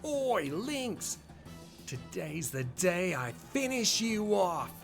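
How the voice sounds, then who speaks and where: A man voicing a fierce young female thief in an overdone, put-on Australian accent, loud and playful. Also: high voice, very animated, slow pace, soft background music, voice pushed up, full character voice. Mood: determined.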